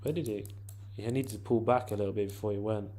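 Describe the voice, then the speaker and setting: A man with a lowish voice walks through a trade on a chart in a relaxed, informal way. His pitch barely moves, so the talk comes out level and even as he circles back and restarts his sentences. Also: quick pace. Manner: informal, chatty, often restarts and says "to be fair". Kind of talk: casual screen-share trading walkthrough.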